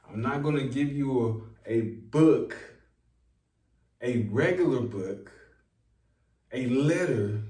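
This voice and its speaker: A man talking to his viewers in a slow, preachy, rambling monologue, repeating lines for emphasis. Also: mid-range voice, a little mellow, recorded from a distance. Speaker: online self-help talker. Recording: echoey room, voice set back from the mic.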